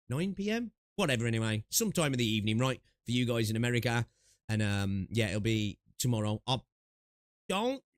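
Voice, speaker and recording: A man's voice: fairly low pitch, no room sound. A young man chatting casually on a gaming livestream, rambling with lots of fillers and asides, through a close desk mic with noise suppression. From United Kingdom.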